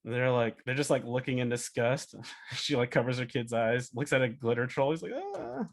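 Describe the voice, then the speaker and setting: A man giving a casual talk as a storyboard artist, chatty and animated, acting out cartoon pitches. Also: normal speed. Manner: animated, chatty, many fillers and laughs.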